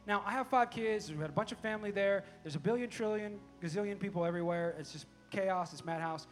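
A middle-aged pastor, preaching a sermon, telling a family story and shifting between hushed and loud delivery. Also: male voice, high-pitched.

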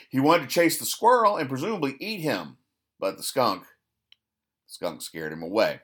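A man hosting a podcast, recapping comic strips in a rambling, deadpan way, stumbling and correcting himself as he dryly explains each joke. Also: medium pitch, moderate pace, husky. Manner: rambling, self-correcting, dry sarcastic explanations. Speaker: podcast host.

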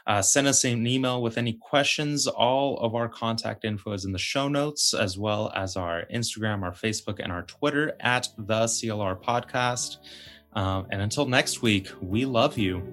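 A man hosting a podcast, thanking his guest and closing the episode in a halting, restarting way. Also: lowish voice, a bit bright. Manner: halting, many restarts and fillers. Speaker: podcast host. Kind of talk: casual interview chat.

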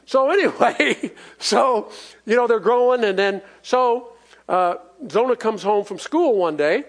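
High-voiced folksy male preacher. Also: expressive, measured pace. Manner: folksy, emphatic, with call-and-response and chuckles. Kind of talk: sermon.

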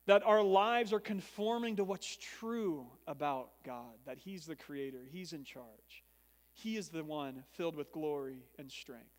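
A pastor preaching an expository sermon, teaching earnestly and swelling and dropping his volume for emphasis. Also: a little high. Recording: long reverb of a large hall.

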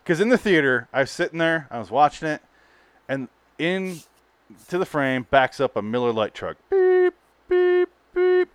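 A man's voice: medium pitch, no echo. A man co-hosting a podcast, chatting casually about movies, swearing often and telling stories with laughs. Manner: animated, swearing, laughing storyteller. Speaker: podcast co-host.

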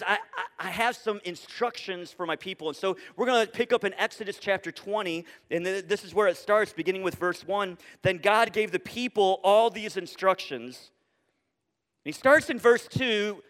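A man's voice: high-pitched, fairly bright tone, long reverb tail. A man preaching a sermon to a congregation, earnest, building to emphatic declarations. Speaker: pastor. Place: church auditorium with live audience.

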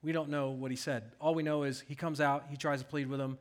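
A man's voice: fairly high pitch, level tone, brisk. A pastor preaching a sermon, reading scripture aloud and asking his congregation rhetorical questions.

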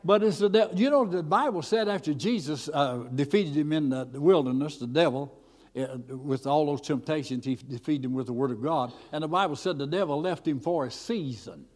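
A man preaching a storytelling sermon in a folksy, animated way, with many fillers and restarts. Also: a little high, a little fast. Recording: echoey hall.

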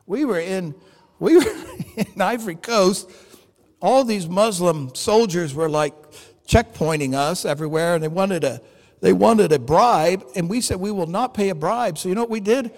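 A man preaching a storytelling sermon, animated and acting out the dialogue in his stories. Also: high-pitched, moderate pace. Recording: long hall reverb.

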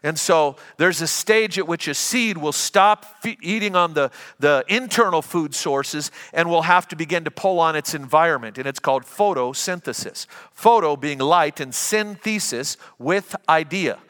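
Bright-voiced pastor preaching in a hall. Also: male voice, a little high, moderate pace, few pauses. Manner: conversational, anecdotal, with frequent restarts. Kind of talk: sermon.

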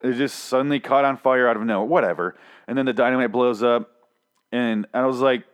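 A man's voice: medium pitch, a little fast. A man casually recapping a TV episode, rambling and swearing, with sarcastic asides.

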